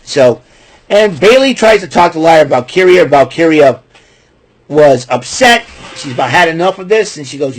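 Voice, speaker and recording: Casting: male wrestling-recap podcaster, husky voice pitched a bit high, rambling, heated, keeps clearing his throat. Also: lively intonation, moderate pace, rough recording. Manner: rambling, repeats himself, fired up at villains.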